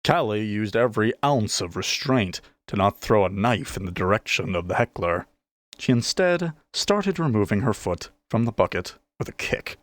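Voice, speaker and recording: A man narrating a fantasy audiobook with expressive storytelling. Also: on the low side, normal speed, no room sound.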